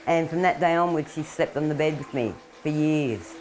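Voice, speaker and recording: Brief: middle-aged Australian woman, deep voice, chatty animal carer, faint noise behind. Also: normal speed, a little mellow, poor audio. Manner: chatty, laughs often, coos at animals. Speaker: wildlife carer. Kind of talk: casual talk to camera while feeding animals. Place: indoors at home.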